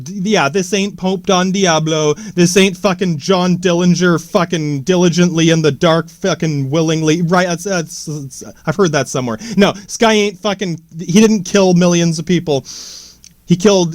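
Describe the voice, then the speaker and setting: A young man with a high-set voice rambles through a movie commentary, swearing often and tripping into restarts and side jokes. The sound is dry and close, with no room around it. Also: no echo. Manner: profane, meandering, many restarts and asides. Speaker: podcast host.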